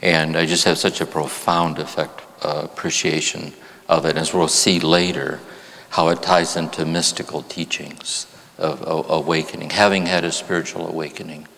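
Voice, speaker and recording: A man's voice: extremely low pitch, level tone, creaky. A man, a therapist and spiritual teacher, giving a reflective talk to a live audience in a church. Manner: reflective, slows and softens on key phrases. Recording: long hall reverb in a church.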